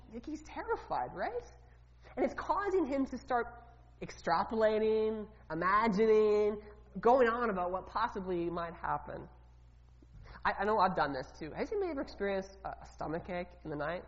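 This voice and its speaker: A woman's voice: mid-range voice, animated, moderate pace. A woman preaching a sermon in a loose, conversational way, asking the congregation questions and often repeating her words. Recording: reverberant hall, dull lo-fi sound.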